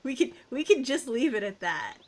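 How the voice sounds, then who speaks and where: A woman's voice: high voice, sing-song, moderate pace, soft background music. A woman streamer chatting casually and rambling while she plays a game, laughing often. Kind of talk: casual chat while gaming.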